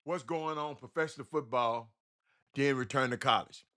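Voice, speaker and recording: A man's voice: medium pitch, normal speed, a bit bright. A man hosting a casual sports call-in show, loose and rambling, repeating words and talking to listeners as y'all.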